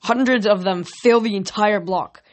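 A woman's voice: medium pitch, normal speed. A woman reading a novel aloud as an audiobook, with small slips and restarts. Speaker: reader.

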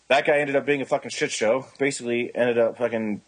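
A man's voice: medium pitch, fairly even intonation, quick pace, poor audio. A man in his twenties telling rambling, profane stories as a podcast co-host, acting out the voices of people he quotes. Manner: rambling storytelling, heavy swearing, acts out quoted voices. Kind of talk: casual chat.

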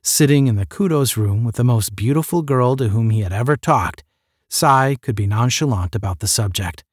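A man narrating a science fiction audiobook in a steady, measured reading. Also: medium pitch, dry recording, clean studio sound.

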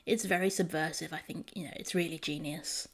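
A woman's voice: deep voice, fairly even intonation, fairly quick, slightly rough. A woman in a casual book discussion, talking in a thoughtful, emphatic way.

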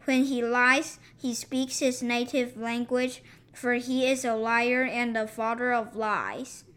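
A woman reads scripture aloud at an even, measured pace. Her voice sits high and sounds bright and clear. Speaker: scripture reader.

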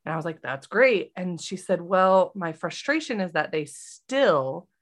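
A woman's voice: lowish voice, moderate pace. A woman in her thirties co-hosting a podcast, chatting casually and acting out the voices of people in her story. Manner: animated, acts out quoted voices. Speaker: podcast co-host, nurse.

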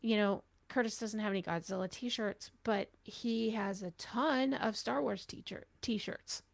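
A woman's voice: mid-range voice, unhurried, creaky. A woman talking casually, explaining things with personal examples as she shares her views. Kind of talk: casual conversation.

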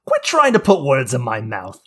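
A man doing an impression of a shrill, shouting comedian telling crude jokes on a podcast. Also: huge pitch swings, moderate pace, breathy edge. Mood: screeching.

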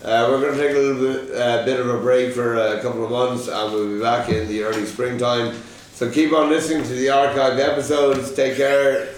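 A man runs a podcast quiz, joking around and swearing with easy good humour. His voice sits at an ordinary pitch. He sounds set back from the mic in a very echoey room with noticeable noise behind him. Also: steady tone, a little fast, distant mic. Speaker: podcast host, quizmaster. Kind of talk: casual quiz chat.

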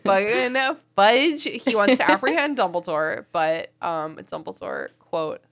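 A woman's voice: mid-range voice, a little slow, a bit bright. A woman from the American South hosting a casual podcast, upbeat and laughing often. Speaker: podcast host.

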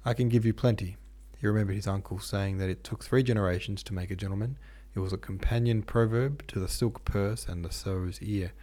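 A man hosting a podcast, reading a classic novel aloud in steady, measured narration. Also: deep voice. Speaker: podcast host and reader. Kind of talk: audiobook narration.

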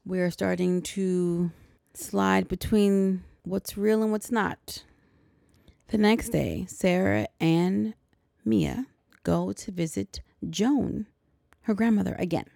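A woman's voice: medium pitch, slow pace, gravelly, warm tone, dry recording, studio quality. A woman hosting a podcast, recapping a movie in a chatty way with sarcastic asides. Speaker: podcast host.

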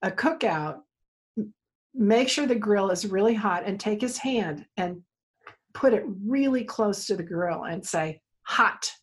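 Woman therapist as interview guest, husky voice, animated storyteller. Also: medium pitch, a little slow. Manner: animated storyteller, acts out quoted dialogue.

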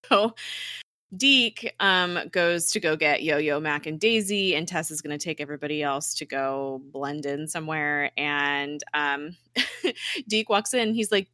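Bright-voiced woman casually recapping a show. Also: on the low side, measured pace, clean tone, no echo, clean studio sound. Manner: chatty retelling, acts out dialogue, many "like" fillers. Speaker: podcast host recapping a TV episode. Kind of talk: casual chat.

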